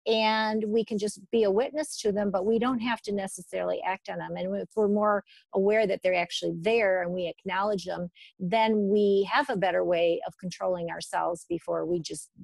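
A woman therapist with a gravelly, fry-laden voice talks through advice in a relaxed, conversational way. She pauses and restarts often, searching for words. The recording is close and dry. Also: medium pitch, dry recording. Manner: thoughtful, hesitant with fillers and restarts.

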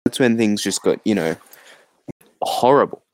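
A man's voice: fairly low pitch, lively intonation, moderate pace, darkish tone, a little hiss or hum, poor audio. A man co-hosting a podcast, chatting casually about a bad movie with rambling, exasperated asides and laughter. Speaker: podcast co-host. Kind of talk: casual movie review chat.

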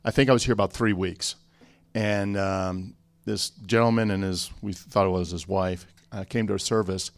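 Pastor guy from chicago on a panel, lowish voice, dry close sound, easygoing storyteller. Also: normal speed, no room sound. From Chicago area. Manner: relaxed storyteller, joking asides.

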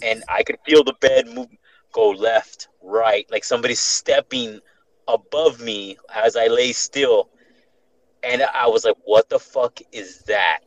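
Brief: young male podcast host, casual profane storyteller, mid pitch. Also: unhurried, dry recording, rough recording. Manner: profane, animated, restarts often.

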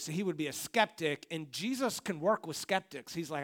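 A man's voice: fairly high pitch, lively intonation, normal speed, few pauses, a bit bright. A man, the pastor, preaching a conversational sermon from a church stage and talking straight to his congregation.

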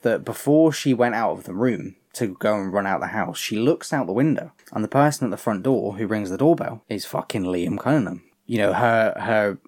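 Animated man recapping a show. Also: fairly low pitch, normal speed, hardly any pauses. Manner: animated, swears freely, acts out the characters' lines. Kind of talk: casual chat recapping a TV episode.

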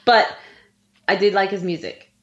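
A woman's voice: mid-range voice, steady tone, normal speed. A woman co-hosting a podcast, chatting casually and laughing often. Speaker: podcast co-host. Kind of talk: casual chat. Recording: dull lo-fi sound.

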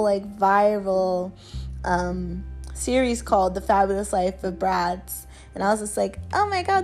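Her voice is medium-pitched and a little mellow. This twenty-something woman chats on her solo podcast from indoors at her family home, faint music underneath, rambling casually with plenty of "like" fillers and self-deprecating remarks.

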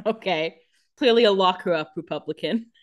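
A woman's voice: medium pitch, normal speed, lo-fi sound. A woman co-hosting a casual podcast, chiming in with sarcastic quips. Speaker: podcast co-host.

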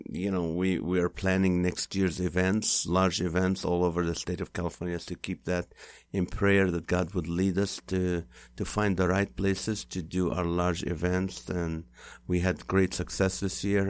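A man's voice: low-pitched, unhurried, gravelly, no echo. A man hosting a podcast, wrapping up with playful mock scolding of listeners. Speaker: podcast host. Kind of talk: podcast sign-off.

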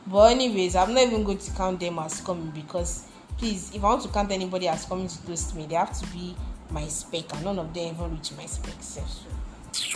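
A young Nigerian woman in her twenties telling a personal story in a casual, animated and indignant way, mixing in Pidgin and Yoruba phrases. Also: on the low side, brisk, music in the background. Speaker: vlogger.

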